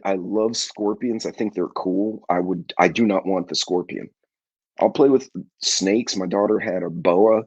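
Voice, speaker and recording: Middle-aged man, husky low voice, congested, folksy rambling live-stream host, dull dry home mic. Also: dry recording. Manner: rambling, folksy storytelling with throat clearing. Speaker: livestream host. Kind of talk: casual live chat with viewers.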